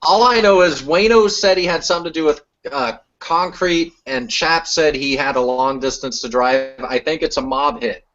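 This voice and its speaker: Teasing podcast host, lo-fi sound. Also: male voice, a little high, normal speed, few pauses, a bit bright, a little hiss or hum. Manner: teasing, joking. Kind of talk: casual chat.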